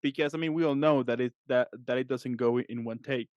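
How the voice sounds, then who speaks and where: A man hosting an easygoing interview, chatty and rambling, with a steady mid-range voice. His voice is recorded close and dry, with no room sound around it. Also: medium pitch, fairly quick, dry recording, muffled recording. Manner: chatty, lots of backchannel agreement, loose rambling sentences. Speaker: host. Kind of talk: casual interview chat.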